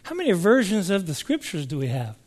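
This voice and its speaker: Preacher, male, high voice, chatty sermon delivery with questions put to the congregation. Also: huge pitch swings, fairly quick, a little mellow. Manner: conversational, asks the congregation questions. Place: church service before a congregation.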